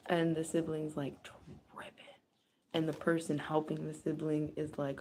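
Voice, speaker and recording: A woman reading for her viewers in a low voice. She talks slowly and casually, swears freely and drifts from quiet murmuring into excited outbursts. A faint hiss sits under the voice. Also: creaky. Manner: loose, profane, swings from hushed to excited. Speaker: psychic reader. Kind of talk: casual spoken card reading.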